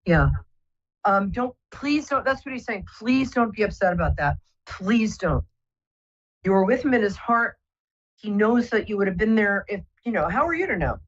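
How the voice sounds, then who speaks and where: A woman's voice: mid-range voice, animated, moderate pace, lo-fi sound. A woman hosting a live psychic call-in show, talking soothingly and rambling with many fillers. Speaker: psychic radio host.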